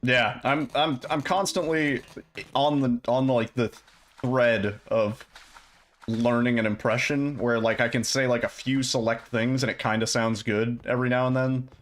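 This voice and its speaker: A man's voice: mid-range voice, steady tone, moderate pace. A young man streaming a game speedrun, chatting casually and loosely with viewers, rambling and swearing now and then.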